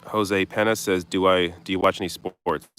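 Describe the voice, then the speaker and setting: A young man with a deep, low-pitched voice reads viewer comments aloud and answers them on a live stream. He talks bluntly and casually, tossing in the odd swear. He's recording outdoors. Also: level tone, moderate pace, fairly bright tone, clear, resonant tone. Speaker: political commentary host. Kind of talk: live stream Q&A reading chat.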